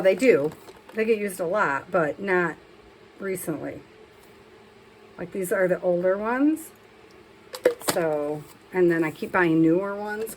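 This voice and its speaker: A woman's voice: on the low side, a little hiss or hum, rough recording. A woman talking casually through a crafting session as a vlogger, chatting and scolding herself as she works.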